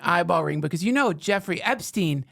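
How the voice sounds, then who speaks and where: A man hosting a podcast in casual chat, animated, profane and joking. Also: high-pitched, moderate pace, creaky. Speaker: podcast host.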